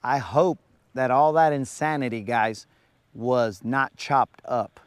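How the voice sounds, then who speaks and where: A man's voice: medium pitch, slow pace, clean tone, no echo. A man hosting a fishing livestream, chatting casually and teasing viewers in a playful, slangy way while he fishes outdoors on a lake. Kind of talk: casual live-stream chat.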